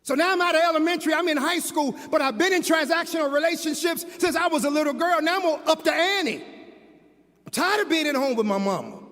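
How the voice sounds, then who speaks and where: A man's voice: very high voice, fairly quick, fairly bright tone. A man speaking as a hurting teenage girl who became a young mother, telling her story in pained first person. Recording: long hall reverb.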